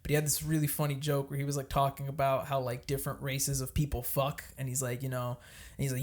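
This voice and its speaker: A man co-hosting a casual podcast, telling a vacation story in an animated way, swearing freely and acting out the people he met. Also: mid-range voice, quick pace. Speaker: podcast co-host.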